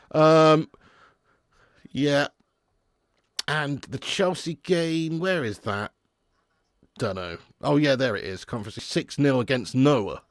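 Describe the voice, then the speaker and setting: A man streaming a live football watch-along, reading viewer comments casually, then swearing and shouting at the match as it unfolds. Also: a little high, animated, slow, long pauses, no room sound, clean studio sound.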